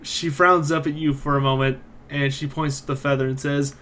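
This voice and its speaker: A man narrating a tabletop role-playing game as game master, moving quickly between narration and character lines. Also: mid-range voice, level tone, sharp tone.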